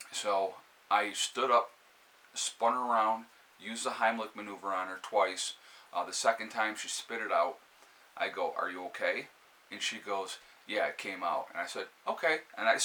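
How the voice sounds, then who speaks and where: A man with a New York accent, hosting a casual live stream and giving steady, calm advice with plenty of fillers and restarts. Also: on the low side, low-quality recording. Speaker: prepper channel host. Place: indoors by a fire, with a cat nearby.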